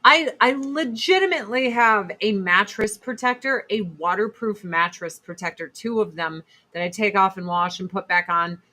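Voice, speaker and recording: A woman's voice: mid-range voice, moderate pace, few pauses, sharp tone. Blunt, foul-mouthed woman host. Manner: blunt, profane, rambling. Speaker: livestream host selling beauty products. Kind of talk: casual chat livestream.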